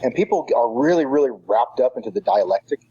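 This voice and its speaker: Podcast guest, husky man, mellow tone, halting delivery, muffled lo-fi sound. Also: medium pitch, animated. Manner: halting, filler-heavy, thinking aloud. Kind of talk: casual chat. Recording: dull lo-fi audio.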